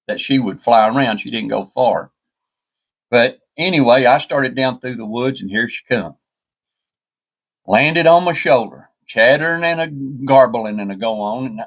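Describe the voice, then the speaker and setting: A man's voice: mid-range voice, fairly bright tone. A man telling a story in a folksy, rambling way, often restarting with "and, and". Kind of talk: casual spoken storytelling.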